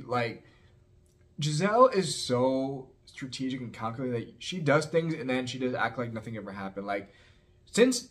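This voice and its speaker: Male vlogger recapping reality TV: rapid, sassy, gossipy, mid-pitched voice. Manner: sassy, animated, heavy use of "like" and "girl". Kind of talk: casual opinionated recap.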